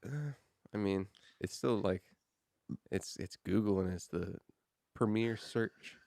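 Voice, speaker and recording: A man's voice: lowish voice, takes it slowly, creaky, darkish tone, no echo, clean studio sound. A young man in his twenties co-hosting a podcast, rambling in a laid-back way with lots of "dude" and "like". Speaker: podcast co-host. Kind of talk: casual chat.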